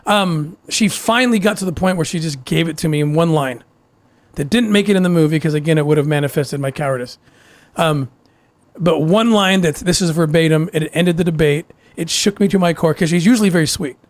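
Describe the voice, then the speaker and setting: A male guest telling a personal story in a halting way, repeating words and laughing between phrases. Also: fairly high pitch, dry recording. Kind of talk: emotional storytelling.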